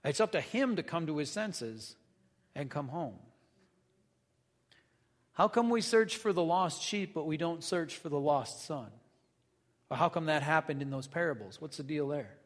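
A man's voice: fairly high pitch, animated, measured pace, long pauses. A male pastor giving a conversational sermon, reading scripture aloud and asking the congregation questions. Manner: conversational preaching, reads scripture then asks the congregation questions. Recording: long hall reverb.

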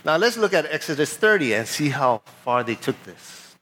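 Man, pastor, sermon, casual storytelling, fairly high voice. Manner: casual storytelling, animated retelling of a traffic stop; reads scripture aloud in a measured voice.

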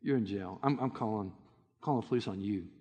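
Preacher doing low quiet tycoon, stern, hushed, in a big echoey room. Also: male voice, quick pace, slightly rough. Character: stern rich male business mogul.

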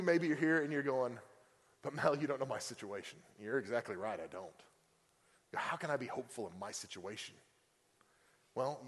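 A male pastor preaching a sermon in a conversational way, full of fillers and acted-out quotes. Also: fairly high pitch. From Oklahoma. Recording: long reverb of a church hall.

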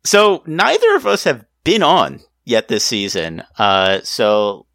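A man's voice: big pitch swings, slow, a bit bright, no room sound. Jokey man hosting a podcast, dry sound. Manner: jokey, laughs often, pitch jumps up when joking. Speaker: podcast host. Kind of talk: casual podcast chat.

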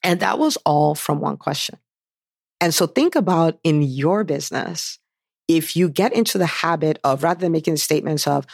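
A woman hosting a solo podcast, talking with eager, animated energy as she tells a story. Her voice has a gravelly fry at the edges. The sound is close and dry, with no room echo. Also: low voice, normal speed. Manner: enthusiastic, animated storytelling with repeated questions. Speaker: podcast host and physician business coach.

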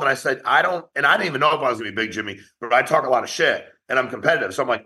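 A man who founded a company, giving a blunt, profane motivational talk to his sales agents in an online meeting, rapid-fire and challenging. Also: mid-range voice, lively intonation, bright, forceful tone.

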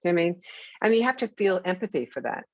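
A woman hosting a conversation, talking warmly and reassuringly about her teaching. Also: on the low side, sing-song, racing, no echo. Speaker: host and teacher. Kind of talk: conversational interview. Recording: dull lo-fi dry sound.

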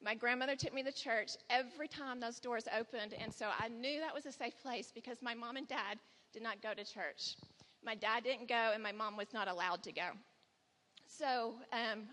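A woman in her forties tells a personal testimony from a church stage. Her voice sits a little high and rings bright, and it trails off into the long reverb of a big hall. She speaks candidly and slips into dialogue when quoting her son.

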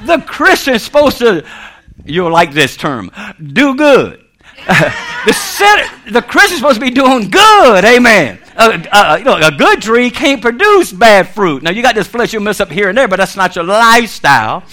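A man preaching a lighthearted sermon, his voice sitting high and swinging widely up and down. He laughs often and breaks into voices for the people in his stories, punctuating it all with amen and come on. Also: very animated, normal speed, sharp tone. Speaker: minister. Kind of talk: humorous preaching.

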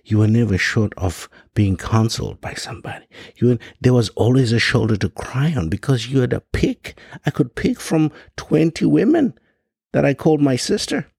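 A man's voice: mid-range voice, expressive, normal speed, gravelly, a little mellow, breathy edge, dry recording, studio quality. A man from Africa giving an impassioned monologue, firing off rhetorical questions and stumbling over frequent restarts. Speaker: podcast host.

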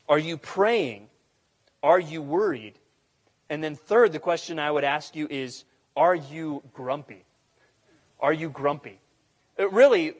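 Earnest man preaching in an echoing hall. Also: fairly high pitch. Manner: earnest, repeating questions, conversational. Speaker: pastor. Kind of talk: sermon. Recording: long hall reverb.

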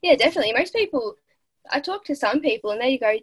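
A woman's voice: high-pitched, animated, quick pace, breathy edge, no echo. A nineteen-year-old Australian woman, a podcast guest, chatting earnestly and upbeat in an interview. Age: late teens. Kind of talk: casual interview chat.

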